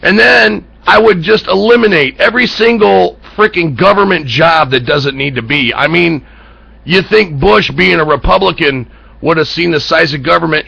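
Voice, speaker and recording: A man's voice: a little high, creaky, bright, forceful tone, husky, no room sound, muffled recording. An American man hosting an internet talk show, ranting bluntly about politics with profanity and heated rhetorical questions. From United States. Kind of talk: political commentary rant.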